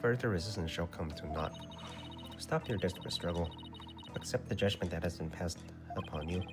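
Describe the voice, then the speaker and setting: A man reading the lines of a haughty young royal priestess girl from a video game, in a flat voice over game music. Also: deep voice, a little fast, lightly acted. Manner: reads game text in a flat voice.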